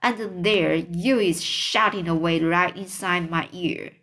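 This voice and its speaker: A woman reading a children's book aloud, voicing a huge, kindly old male giant with mangled grammar, slowly. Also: lowish voice, a bit bright, exaggerated voice. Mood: pleading. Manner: slow storybook reading of a giant's lines.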